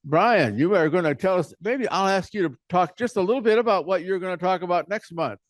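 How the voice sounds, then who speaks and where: A man's voice: high voice, a little fast, no room sound. A man chairing a speakers' club meeting in a casual, rambling way, often restarting his sentences.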